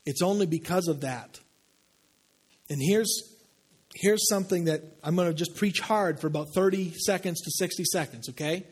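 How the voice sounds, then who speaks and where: Conversational preacher man, fairly high voice. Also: husky. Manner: conversational, asks the congregation questions; drops low and slow for emphasis. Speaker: pastor. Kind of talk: sermon.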